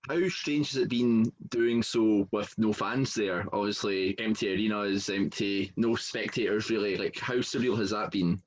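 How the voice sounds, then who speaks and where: A man hosting a podcast, asking a footballer relaxed questions. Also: on the low side, normal speed, hardly any pauses. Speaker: podcast host. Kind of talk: interview questions. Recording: dull lo-fi sound.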